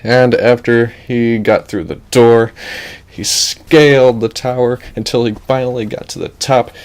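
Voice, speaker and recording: Young guy improvising a silly story, unhurried and deadpan. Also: mid-range voice.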